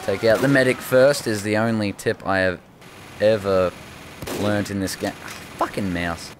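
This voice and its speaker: A young man mumbling casual commentary while playing a shooter game, breaking into sudden high yelps now and then. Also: fairly even intonation, a little slow, background noise. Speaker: gaming channel host.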